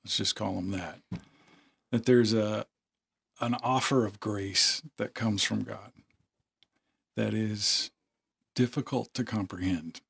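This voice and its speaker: A male podcast host with a low, husky and somewhat gravelly voice. He phrases his questions slowly and thoughtfully, stopping and restarting as he goes. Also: fairly even intonation, a bit bright. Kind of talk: reflective interview questions.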